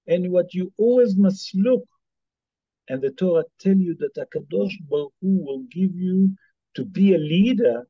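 A man's voice: sits high, no echo. A man teaching a Torah lesson as a rabbi, posing rhetorical questions with emphasis in non-native English. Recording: dull lo-fi dry recording.

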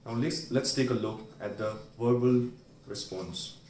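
A medical educator explains a memory aid through everyday stories, playfully acting out the people in them. His medium-pitched, slightly mellow voice is unhurried, and the distant, roomy recording has slight background noise.

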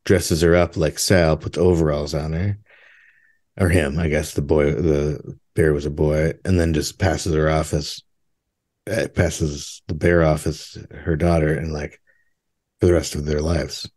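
A man with an extremely deep voice chats on a podcast, rambling through stories and tossing in jokes. He sounds relaxed and laughs often. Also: a little slow. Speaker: podcast co-host. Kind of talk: casual chat.

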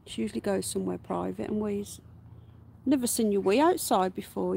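A woman hosting a casual livestream, unwell with her voice going, chatting to viewers and cooing at her pets in a high, slow baby voice. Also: vocal fry, dark tone, slightly rough. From United Kingdom. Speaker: livestream host. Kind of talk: casual live-stream chat. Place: garden outdoors.

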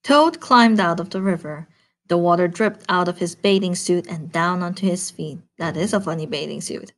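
A woman teacher reading a picture book aloud to children, animated and adding chatty asides. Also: on the low side, moderate pace.

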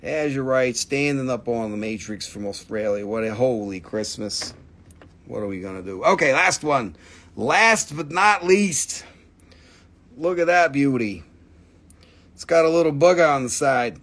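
A male host selling minerals on a live stream. He is excitable and playful and reels off prices and stock numbers. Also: medium pitch, measured pace. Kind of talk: live sales stream, casual chat.

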